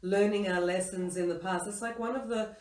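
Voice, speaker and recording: A woman's voice: mid-range voice, fairly even intonation, fairly quick. A woman hosting a casual dinner-table interview, speaking emphatically about her views. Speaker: host. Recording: roomy sound from a distant mic.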